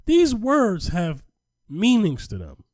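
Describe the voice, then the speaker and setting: A man hosting a casual podcast discussion, animated and emphatic, often repeating himself for effect. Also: high-pitched, takes it slowly, no echo, studio quality. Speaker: podcast host.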